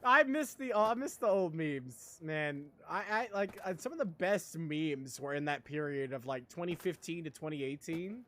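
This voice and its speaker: A man with a high, animated voice talks through his game session. His pitch jumps around freely as he rambles, and he breaks into laughter often. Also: moderate pace, few pauses. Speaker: streamer. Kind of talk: casual gameplay chat.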